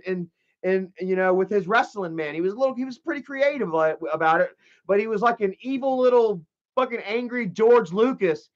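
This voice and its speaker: A man hosting a livestream, telling a long, rambling story full of swearing and restarts. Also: high voice. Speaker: livestream host. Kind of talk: casual livestream rant. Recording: dull lo-fi stream audio.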